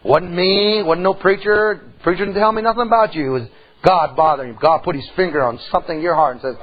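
A middle-aged man preaching a sermon in church, telling a folksy story and swinging from soft to loud. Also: sits high, fast talker, lo-fi sound. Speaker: pastor.

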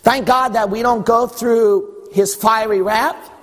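A man's voice: very high-pitched, fairly even intonation, slow, in a large hall. A male pastor preaching a sermon, building emphasis and teasing his congregation along the way.

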